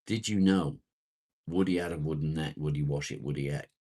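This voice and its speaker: A man with an extremely low, husky voice hosts a laid-back morning live chat. He rambles unhurriedly, greets viewers by name and answers their comments as he goes. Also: a little fast, mellow. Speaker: live-stream host reading viewer comments.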